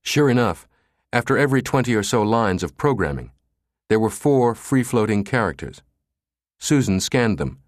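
A man narrating an audiobook thriller in a dramatic, expressive reading. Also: lowish voice, moderate pace, no echo, clean studio sound. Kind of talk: scripted narration.

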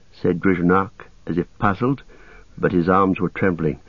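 A man narrating a story in a steady, measured reading voice. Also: low-pitched, husky, no room sound. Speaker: audiobook narrator. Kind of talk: scripted narration. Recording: tinny phone-like sound, dry.

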